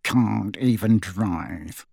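A man's voice: a little high, very animated, measured pace, fairly bright tone, no echo, studio quality, pitched above the performer's own voice. A man voicing a blustering, indignant middle-aged man who splutters.

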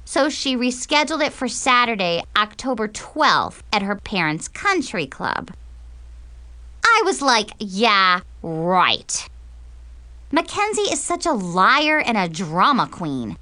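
Woman narrator for a teen diary audiobook; expressive, sarcastic, dry booth sound. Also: fairly high pitch, measured pace, no echo.

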